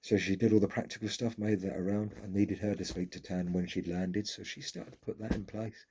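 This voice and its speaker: A man's voice: on the low side, level tone, brisk, darkish tone, husky. A middle-aged man tells a personal story in a frank, candid way and swears casually.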